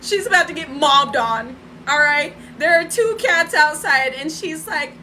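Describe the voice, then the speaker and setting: A woman's voice: high voice, expressive, measured pace, sharp tone, a little hiss or hum, low-quality recording. A woman telling a story in a casual live stream from home, chatty, laughing and talking to her viewers. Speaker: spiritual vlogger. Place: home room.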